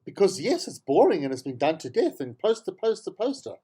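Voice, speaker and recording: A South African man talks through the news in an opinionated monologue. He sounds exasperated and sarcastic and hammers points home by repeating them. His voice is very animated, jumping from low mutters to high, incredulous peaks. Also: brisk, slightly rough. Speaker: talk show host. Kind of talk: opinionated political commentary monologue.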